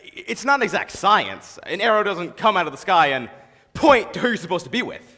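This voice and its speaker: A man's voice: high voice, moderate pace, exaggerated voice. A young man playing a wistful theatre-fan narrator. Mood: musing. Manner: musing, confiding, suddenly excitable. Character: nostalgic male theatre fan narrating his favorite record. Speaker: narrator of a stage musical. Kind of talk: school stage musical acting. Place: large school auditorium. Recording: reverberant hall, distant stage sound.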